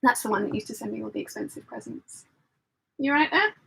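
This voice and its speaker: A woman's voice: fairly high pitch, brisk, gravelly, a bit bright, a little hiss or hum, rough recording. A middle-aged woman hosting a casual live-stream chat, telling funny stories and laughing often. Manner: chatty storytelling, laughs often. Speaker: host.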